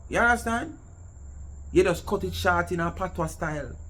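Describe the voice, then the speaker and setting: A man's voice: sits high, normal speed, a bit bright. A man giving a mocking commentary rant, mixing patois with English. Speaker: commentary vlogger.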